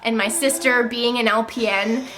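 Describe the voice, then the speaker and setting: A woman's voice: fairly high pitch, steady tone, moderate pace. A young woman in her twenties telling a personal story to camera in a casual, chatty way, full of fillers. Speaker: vlogger.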